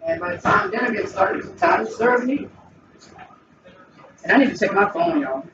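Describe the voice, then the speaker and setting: A woman with a medium-pitched, expressive voice hosts a casual cooking vlog from her home kitchen, talking viewers through each step at a moderate pace. Music plays behind her, and the home recording sounds distant, dull and noisy.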